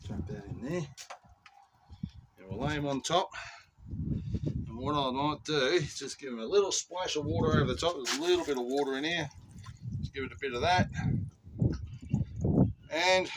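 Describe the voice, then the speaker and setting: Aussie bloke hosting his own backyard vlog, easygoing and rambling, voice a touch high, picked up from a distance outdoors. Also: animated, moderate pace, pauses often, very noisy. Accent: Australian. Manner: laid-back, chatty, rambling asides. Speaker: channel host. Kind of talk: casual how-to vlog.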